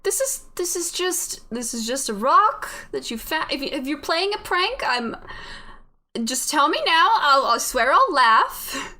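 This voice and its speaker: Woman doing a doubtful motherly grown-up, soothing, higher voice. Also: sing-song, a little slow, sharp tone, a little hiss or hum, full character voice. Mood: concerned. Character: concerned adult woman, motherly and skeptical.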